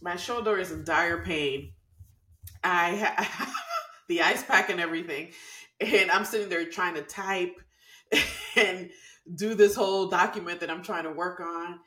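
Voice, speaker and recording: In an echoey room, a woman co-hosting a podcast chats casually and spins animated stories, frequently breaking into laughter. Her voice sits on the low side and she speaks at a measured pace.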